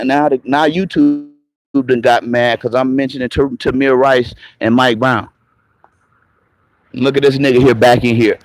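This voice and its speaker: Man, raspy voice, somewhat high pitch, combative mocking rant, live stream. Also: low-quality recording. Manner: confrontational, profane, mocking. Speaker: online commentator. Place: moving around on the go, patchy signal.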